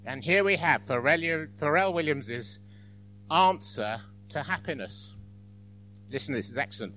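Man, church speaker, self-deprecating, bright tone, slightly high voice, faint hum. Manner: self-deprecating, apologetic, chuckling. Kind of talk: informal church talk.

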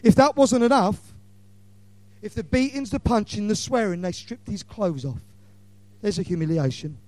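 A middle-aged man preaching an impassioned evangelistic sermon, swinging between loud declarations and hushed lines. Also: sits high, moderate pace, dry recording.

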